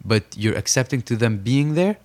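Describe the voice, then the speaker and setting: A man's voice: medium pitch, expressive, moderate pace, darkish tone. A young man from Saudi Arabia, a podcast guest telling his story in an earnest, emphatic way and repeating phrases for stress. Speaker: podcast guest, professional boxer.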